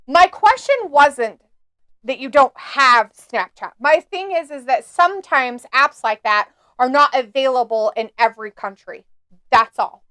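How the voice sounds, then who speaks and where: A woman's voice: sits high, pushed and bright, clear, resonant tone, no echo. A woman co-hosting a casual live stream, chatty and reading viewer comments aloud with frequent laughs. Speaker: co-host reading live chat.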